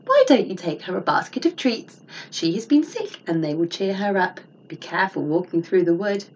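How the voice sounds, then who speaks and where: A woman voicing a caring, sensible mother in a read-aloud storybook, gently giving advice. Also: mid-range voice, very animated, normal speed, lo-fi sound, a little hiss or hum, close to an everyday voice.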